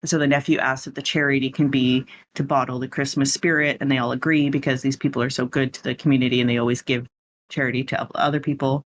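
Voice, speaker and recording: A man's voice: medium pitch, little pitch movement, quick pace, fairly bright tone, slight background noise. Guy on a podcast rambling thru a movie plot, casual, lots of likes and side comments. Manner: chatty, rambling, full of "like" asides. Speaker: podcast host.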